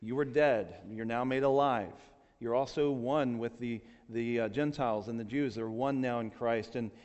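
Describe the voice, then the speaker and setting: Male pastor, mid-pitched voice, lively asides to the congregation, long church reverb. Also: moderate pace, highs cut off. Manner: lively and self-deprecating, warm asides to the congregation. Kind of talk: sermon. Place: church sanctuary. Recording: long reverb of a large hall.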